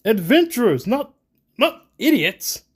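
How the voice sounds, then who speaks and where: A proud, cautious warrior companion, as a male narrator puts him on in a fantasy read-along, pompous and blustering as he protests. The voice sits above the narrator's usual pitch, mellow in tone and slow in delivery. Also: sing-song, slightly rough, heavily acted. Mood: protesting.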